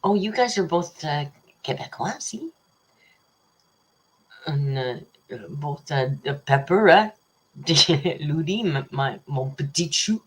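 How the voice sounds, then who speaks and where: Low husky-voiced woman, chatty livestream host, rambling and teasing, reads super chats. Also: animated, slow pace, long pauses. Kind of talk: casual live chat reading super chats.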